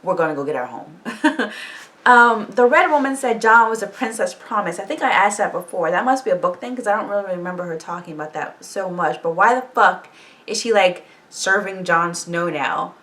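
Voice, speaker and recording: A woman recapping a TV episode in a casual, animated reaction vlog, swearing freely and laughing often. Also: mid-range voice, normal speed, recorded from a distance. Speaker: TV show reaction vlogger.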